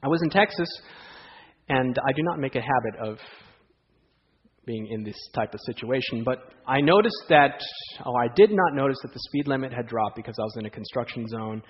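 A man preaching a sermon, telling stories in a lively way and asking the audience rhetorical questions. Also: medium pitch, fairly quick. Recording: dull lo-fi sound in a hall with long reverb.

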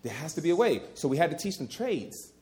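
A man's voice: a little high, very animated, fairly quick, a little mellow. A middle-aged man preaching a sermon, emphatic and folksy, repeating key phrases and talking to the crowd as "y'all".

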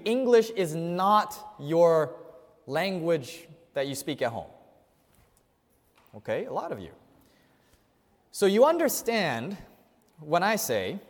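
A male pastor with a fairly high voice preaches to his congregation, often putting questions to them. His delivery moves from ringing emphasis down to near-hushed asides. The sound carries a long hall echo from the church. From Chinese family. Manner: asks the audience questions, swings between loud and hushed. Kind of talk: sermon. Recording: hall reverb.

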